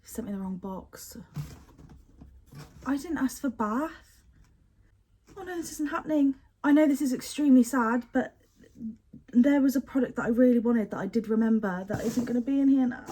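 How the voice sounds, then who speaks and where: A woman's voice: a little high, moderate pace, long pauses, warm tone, slight background noise. A young woman chatting casually and expressively as she unboxes and sniffs bath products, often poking fun at herself. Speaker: beauty product unboxing vlogger.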